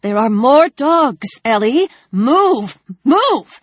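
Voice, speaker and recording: A woman's voice: mid-range voice, slow, fairly bright tone, dry recording. A woman voicing a wary, tense teenage girl who speaks in short, urgent lines.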